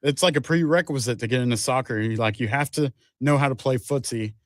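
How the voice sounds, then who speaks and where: A man's voice: medium pitch, fast, no room sound, clean studio sound. A man co-hosting a sports talk radio show, trading playful, teasing banter. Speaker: radio co-host.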